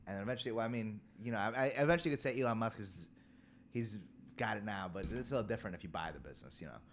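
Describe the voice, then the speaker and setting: A man's voice: lowish voice, animated, racing, a little hiss or hum. A man co-hosting a casual podcast, explaining insistently and repeating his point. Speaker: podcast co-host.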